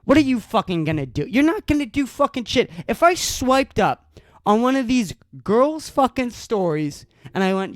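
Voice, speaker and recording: Podcast host, male, furious profane solo rant, lively swinging pitch, dry close sound. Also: normal speed, no echo. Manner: angry, profane ranting with stammered restarts.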